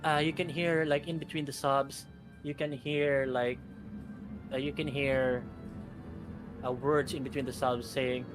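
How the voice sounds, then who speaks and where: A male game master narrating a tabletop adventure, his voice pitched in the middle range. He describes each scene haltingly, with many fillers and restarts, and music plays steadily behind him. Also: level tone. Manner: hesitant, full of fillers and restarts. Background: background music.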